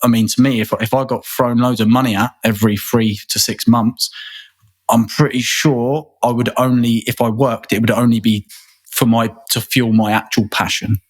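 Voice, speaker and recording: A man's voice: mid-range voice, flat delivery, normal speed. A man, a guest in a casual interview, talking earnestly and rambling, often repeating words and restarting. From England.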